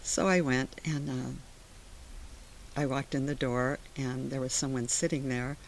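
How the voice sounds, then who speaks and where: Older woman telling lively stories. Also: rumbling low, measured pace, a little hiss or hum. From Sacramento area, USA. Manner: animated, re-enacts dialogue in her stories. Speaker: oral history interviewee. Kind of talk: conversational storytelling.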